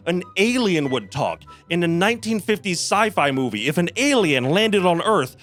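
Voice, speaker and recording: A fairly high-voiced man rants through a video game review, sarcastic and swearing freely. His pitch jumps around animatedly, and soft music runs quietly behind him. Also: very animated, moderate pace, hardly any pauses. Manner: sarcastic, profane, exasperated.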